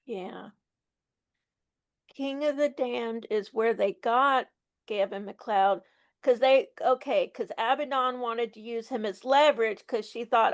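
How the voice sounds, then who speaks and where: Gravelly high-voiced woman chatting. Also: a little slow. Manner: chatty and amused, with offhand asides. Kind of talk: casual chat.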